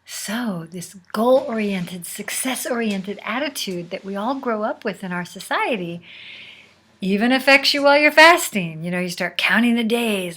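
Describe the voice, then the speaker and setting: A woman host telling a personal story in a casual, unhurried way, sometimes dropping to a near whisper. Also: medium pitch, animated, fairly bright tone. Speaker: podcast host.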